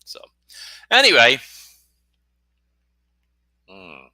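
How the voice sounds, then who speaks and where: A middle-aged American man, appearing as a guest author on a casual podcast, talks in a rambling, jokey, self-deprecating way. He draws out his words with a sharp tone, and the recording is dry.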